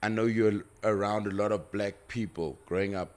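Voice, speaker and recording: A man's voice: lowish voice, fairly even intonation, moderate pace. A man from South Africa hosting a casual podcast chat, talking through his points at length with restarts. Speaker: podcast host.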